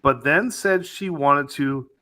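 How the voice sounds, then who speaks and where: A man's voice: fairly high pitch, takes it slowly, bright, forceful tone. A man co-hosting a casual podcast, teasing his friends and telling stories. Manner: teasing, storytelling. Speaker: co-host.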